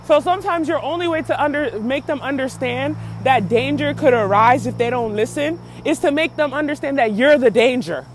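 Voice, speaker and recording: A woman's voice: high-pitched, a little fast, few pauses, a little hiss or hum. A woman hosting a podcast who gives blunt, profane, emphatic commentary. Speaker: podcast host. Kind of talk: animated commentary.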